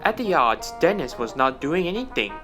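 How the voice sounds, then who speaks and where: A man narrating a fan story in a slow, hesitant reading style with restarts. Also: on the high side, big pitch swings, music in the background.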